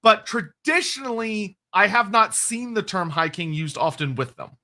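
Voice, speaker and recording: Fielding chat questions as a livestream co-host, this man chats casually about lore in a high, bright, expressive voice. He's quick and digressive, laughing often and catching his own mistakes.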